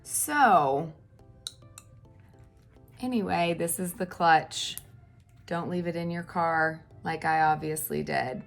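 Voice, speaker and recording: A woman in her thirties chatting casually through a makeup tutorial at home, animated, with fillers and exclamations. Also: sits low, slow, gravelly, pauses often, faint music behind. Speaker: makeup vlogger.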